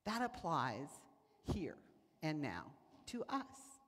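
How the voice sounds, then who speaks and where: Woman preacher, lively storytelling sermon, recorded in an echoing sanctuary. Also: low voice, slow pace. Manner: animated, acts out voices in quotes. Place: church sanctuary. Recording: church hall reverb.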